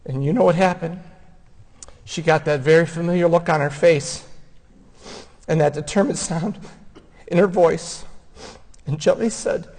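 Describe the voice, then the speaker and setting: A man giving a funeral homily, speaking in a gentle, heartfelt storytelling way. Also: a little high, moderate pace, long pauses. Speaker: homilist and son of the deceased. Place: church. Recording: long church reverb.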